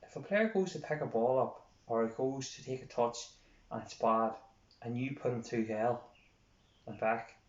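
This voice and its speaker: A man's voice: mid-range voice, moderate pace. An Irish man coaching others, talking earnestly and repeating his points for emphasis. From Ireland. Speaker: youth sports coach. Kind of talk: informal coaching talk. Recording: roomy, dull lo-fi sound.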